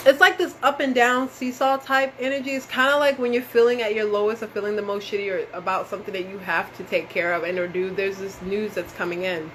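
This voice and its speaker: A woman's voice: medium pitch, level tone, quick pace, hardly any pauses, bright, forceful tone, slight background noise, low-quality recording. Casual woman reading tarot live. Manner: casual, swears, talks straight to viewers as y'all. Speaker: tarot reader.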